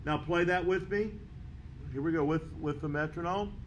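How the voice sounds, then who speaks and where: A man's voice: fairly high pitch, normal speed, muffled recording. Patient man counting beats aloud. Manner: steady, patient, rhythmic counting. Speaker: music teacher.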